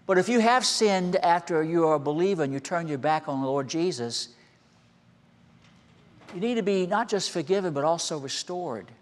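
Older male pastor, sermon, slightly high voice, long church reverb. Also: animated, normal speed. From American. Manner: storytelling, swings from soft asides to raised emphatic calls. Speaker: senior pastor. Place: church sanctuary.

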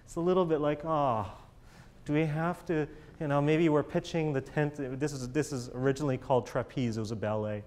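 A man's voice: fairly high pitch, steady tone, brisk, a little mellow. A man coaching a chamber ensemble in a master class, encouraging and enthusiastic, singing out rhythms with syllables.

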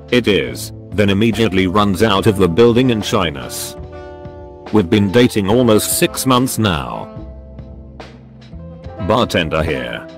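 Guy with a lowish voice reading out bar stories, steady read, soft music behind. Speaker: narrator reading forum posts. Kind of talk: read-aloud narration.

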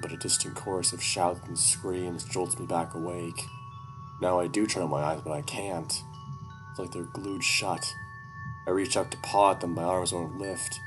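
A man reading a first-person horror story aloud at a steady, even pace. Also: sits low. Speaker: audiobook narrator.

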